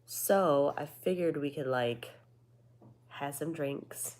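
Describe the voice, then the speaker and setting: A woman with a low, nasal voice that is starting to go hoarse. She chats casually with her viewers, full of fillers and casual swearing. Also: slow, darkish tone. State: losing her voice. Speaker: vlogger. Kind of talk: casual chat to a live audience.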